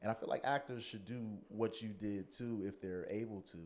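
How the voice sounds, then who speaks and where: A man's voice: fairly low pitch, fairly quick. A man hosting a podcast, recounting a shared memory with energy and acting out how a crowd reacted. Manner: excitable storyteller, acts out crowd reactions. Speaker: podcast host. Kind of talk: casual podcast interview.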